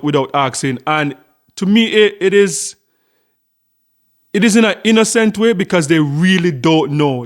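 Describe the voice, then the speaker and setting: A middle-aged Jamaican man hosting a casual vlog, telling a story in a chatty way with lots of repeated words. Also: fairly high pitch. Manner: chatty storytelling with frequent repetitions. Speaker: channel host.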